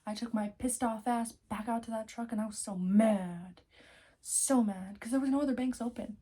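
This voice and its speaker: A young woman in her twenties, telling a story in a casual vlog, animated, swearing freely and laughing often. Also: on the high side, normal speed, slightly rough. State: out of breath. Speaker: vlogger.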